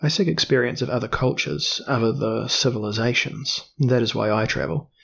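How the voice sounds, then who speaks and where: A man's voice: mid-range voice, moderate pace, vocal fry, fairly bright tone, husky. A man voicing a proud, courteous albino prince in a storybook reading, formal and guarded. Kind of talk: audiobook character reading.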